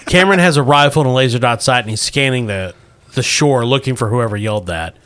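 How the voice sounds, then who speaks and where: A man narrating as game master in dry, deadpan style. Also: mid-range voice, quick pace.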